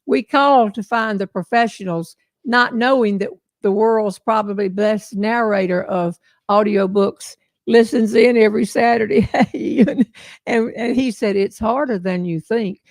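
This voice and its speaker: A woman's voice: medium pitch, dry recording. An older woman with a Southern American accent, chatting folksily with viewers as host of a casual livestream. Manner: folksy, chatty storyteller, laughs often.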